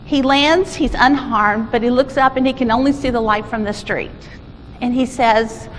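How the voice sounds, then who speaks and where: A woman presents at a conference in an informal, storytelling style, often restarting her phrases. Her high voice echoes through a large hall, with faint ambient noise behind. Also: normal speed. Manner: informal, self-correcting, animated storyteller.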